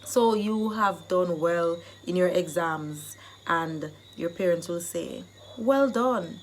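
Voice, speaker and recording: A woman with a Jamaican accent who teaches Jamaican phrases in a casual vlog, explaining them and acting them out in lively bursts. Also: lowish voice, slow, a little hiss or hum.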